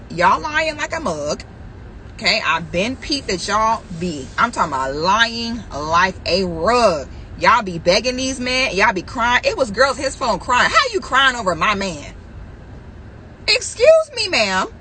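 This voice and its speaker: A woman's voice: fairly high pitch, pushed and bright, slight background noise, low-quality recording. A woman vlogger telling a story and ranting straight to her viewers, acting out what people said and laughing often. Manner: acts out quoted voices, laughs often, addresses viewers directly. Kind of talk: animated storytelling rant.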